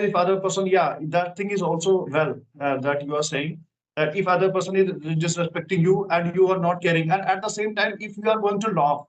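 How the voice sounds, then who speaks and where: Earnest man with a fairly high voice. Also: low-quality recording. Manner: earnest, repeats words, many fillers. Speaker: conversation partner answering questions. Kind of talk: casual English speaking practice chat.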